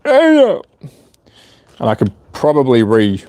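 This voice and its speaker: A man's voice: mid-range voice, moderate pace, darkish tone. A man chatting casually on a live stream while repairing a small device, muttering to himself as he works. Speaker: hobby livestreamer.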